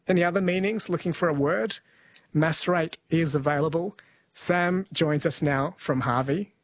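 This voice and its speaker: A man's voice: on the high side, no echo. A man hosting a late-night radio quiz, chatting with callers. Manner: chatty, friendly, spells words out slowly. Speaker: radio host. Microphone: studio mic.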